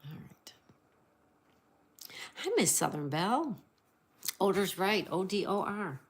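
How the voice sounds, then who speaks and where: A woman's voice: mid-range voice, lively intonation, slow, breathy edge. A woman hosting a casual livestream, greeting viewers, reading chat aloud and spelling out crossword answers. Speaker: livestream host.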